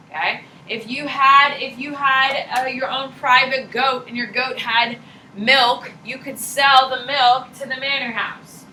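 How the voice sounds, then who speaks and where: Teacher lady lecturing, kinda high bright voice, blunt slangy way of talking, echoey classroom. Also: slight background noise. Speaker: high school history teacher. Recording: echoey classroom, mic far off.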